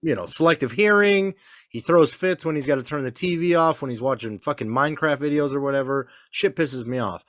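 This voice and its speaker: A man's voice: fairly high pitch, brisk, a bit bright, dry recording, studio quality. A man in casual chat, a father telling crude stories with swearing and laughs. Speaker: podcast co-host, father.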